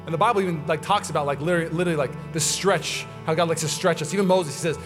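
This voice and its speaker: Casual pastor in a reverberant church. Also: male voice, high-pitched, fast talker, hardly any pauses, music in the background. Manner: casual, chatty preaching with many asides. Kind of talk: sermon. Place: church sanctuary.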